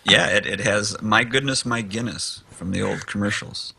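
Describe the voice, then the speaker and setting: A man, a guest author, speaking with halting pauses and fillers in a casual podcast interview. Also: on the low side, gravelly, bright, forceful tone, slightly rough. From United States.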